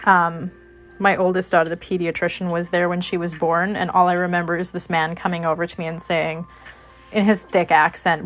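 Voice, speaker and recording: Chatty low-voiced woman crafting on camera. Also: flat delivery, moderate pace, faint music behind. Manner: chatty, rambling, many fillers and restarts. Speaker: crafting channel host. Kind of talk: casual chat while crafting.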